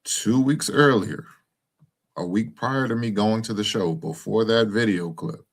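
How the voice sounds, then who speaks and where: A man's voice: lowish voice, normal speed, creaky. A young man talking to his followers in a casual, rambling monologue, full of fillers and restarts. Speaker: commentator speaking to his followers.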